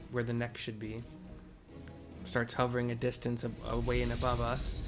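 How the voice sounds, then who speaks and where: Man, casual game narration, chatty, self-correcting, middle-pitched voice, faint game music behind. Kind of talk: casual live audio description of game cutscenes.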